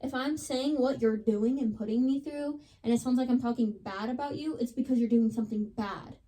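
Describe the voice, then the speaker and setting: A young woman co-hosting a casual podcast, telling a personal story with lots of "like" and plenty of drama. Her voice sits somewhat high, with a dark, mellow tone. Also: brisk. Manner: chatty, dramatic retelling, lots of "like". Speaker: podcast co-host.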